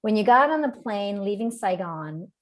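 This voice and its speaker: A woman's voice: medium pitch, animated, moderate pace. A woman hosting and interviewing a guest over a video call, asking friendly questions and laughing often. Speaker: event host and interviewer. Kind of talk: casual interview.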